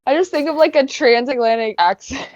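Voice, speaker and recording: A woman's voice: sits high, a little fast, darkish tone. A woman on a podcast panel chatting casually, recorded with dull lo-fi audio. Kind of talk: casual group chat.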